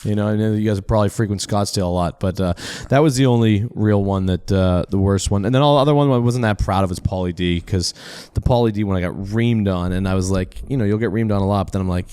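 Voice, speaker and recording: A man with a low voice chatting as a podcast guest. He rambles loosely through profane, self-deprecating stories. The sound is dry and close. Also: quick pace, hardly any pauses, warm tone, clear, resonant tone, no room sound. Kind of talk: casual podcast chat.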